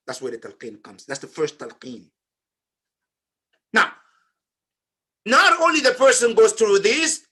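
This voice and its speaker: A man telling a story in a memorial sermon, swinging between loud emphatic phrases and hushed, low ones. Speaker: speaker at a memorial majlis. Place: community center.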